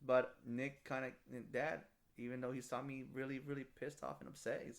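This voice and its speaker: A man, telling stories in a relaxed podcast chat and often saying "dude". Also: medium pitch, moderate pace, hardly any pauses. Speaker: podcast co-host. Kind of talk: casual chat.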